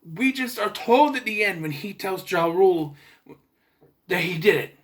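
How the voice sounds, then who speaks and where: Bright, animated young movie reviewer. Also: male voice, sits high, a little slow. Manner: chatty, sarcastic, clears throat. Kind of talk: casual video review.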